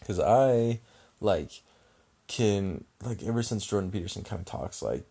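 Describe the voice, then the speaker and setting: Young man, very deep voice, husky, casual rambling story, lots of swearing. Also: animated, a little slow, mellow. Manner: rambling, heavy swearing and filler words.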